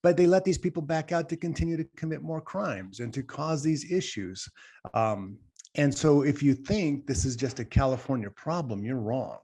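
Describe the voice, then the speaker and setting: A man's voice: mid-range voice, normal speed, warm tone, breathy edge. A man co-hosting a podcast, talking emphatically and at length, often turning to address the listeners directly. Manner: emphatic, rambling, talks straight to the audience. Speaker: podcast co-host. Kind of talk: casual podcast discussion.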